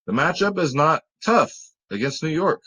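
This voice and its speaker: A man's voice: on the high side, very animated, normal speed, sharp tone, breathy edge. A young adult man hosting a fantasy sports picks video, chatting casually and joking with his cat. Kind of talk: casual chat.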